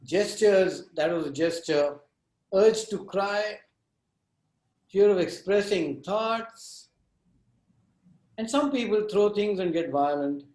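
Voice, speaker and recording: A man leading an interactive workshop on conflict, talking in a direct, animated and teasing way. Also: high voice, slow pace, long pauses, echoey room, low-quality recording. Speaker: workshop trainer.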